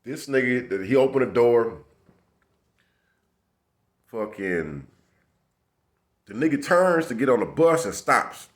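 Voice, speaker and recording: A man's voice: mid-range voice, animated, takes it slowly, long pauses. A man casually telling a tense street story in profane slang, acting out the dialogue as he goes. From Los Angeles area.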